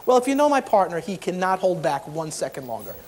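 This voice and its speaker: A man's voice: high voice, big pitch swings, fast. A man giving a humorous keynote talk as a motivational speaker, acting out the people in his story.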